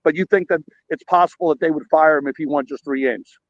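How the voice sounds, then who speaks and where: A man's voice: fairly high pitch, fast talker, dry recording, dull audio. A man calling in by phone from a park, rambling animatedly through a story with quoted dialogue. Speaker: caller. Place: outdoors at a park.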